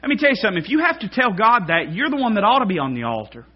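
A male pastor preaching a sermon in a church, fervent, swinging from quiet talk to shouting. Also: high voice, big pitch swings, rapid-fire, hardly any pauses, slightly rough, lo-fi sound. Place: church sanctuary.

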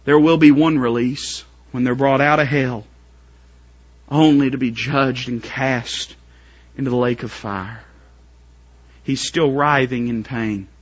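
A man preaching a sermon to his congregation, building up to shouted, strained pleading climaxes. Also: medium pitch, fairly even intonation, slow pace, highs cut off.

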